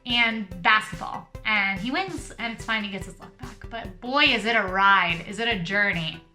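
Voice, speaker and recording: A woman's voice: mid-range voice, moderate pace, sharp tone, soft background music. A woman recapping a film in a chatty, bemused comedic chat. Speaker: panelist.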